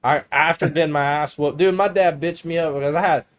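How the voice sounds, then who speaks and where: A man's voice: a little high, steady tone, fairly quick. A man in his twenties, a podcast co-host, telling rambling, profane stories in casual chat and laughing often.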